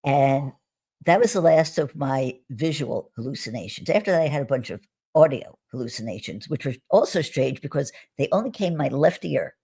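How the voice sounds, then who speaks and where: A woman speaks in a low, slightly husky voice, recounting her experiences as a guest on a live video call. She talks in a relaxed, conversational way, often restarting her sentences and laughing softly. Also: moderate pace. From United States. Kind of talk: conversational storytelling on a live stream.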